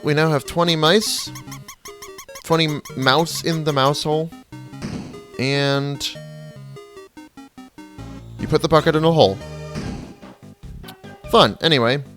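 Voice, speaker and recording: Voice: medium pitch, takes it slowly, pauses often, a bit bright. Chill gamer talking thru a playthrough, kinda sardonic, faint music behind. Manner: chatty, offhand, a bit sardonic. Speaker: let's play gamer. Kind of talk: casual game commentary.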